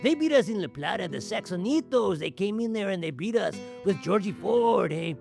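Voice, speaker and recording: A man's voice: sits high, animated, moderate pace, creaky, darkish tone. A man voicing a cocky, boastful rugby man. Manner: swaggering, mock-confident boasting. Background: faint plucked guitar music.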